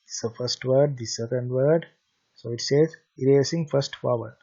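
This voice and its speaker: A man with a Sri Lankan accent talks through a Pali language lesson at a slow, deliberate pace, saying each word and then its meaning. His voice is mid-pitched and husky, and he pauses often on hesitant "uh"s. The recording sounds dull and lo-fi. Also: warm tone. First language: Sinhala.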